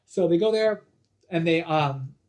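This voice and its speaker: A man's voice: on the high side, a little slow, a little mellow. A young man co-hosting a podcast in casual chat, rambling with lots of "like" and acting out quotes. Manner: rambling, full of "like", acts out quotes. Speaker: podcast co-host.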